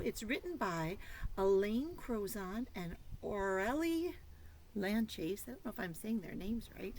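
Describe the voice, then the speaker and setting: Animated, sing-song woman reading to children. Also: on the high side, a little hiss or hum, poor audio. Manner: animated and sing-song, with slow drawn-out words and soft whispers. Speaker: preschool teacher reading aloud. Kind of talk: children's read-aloud.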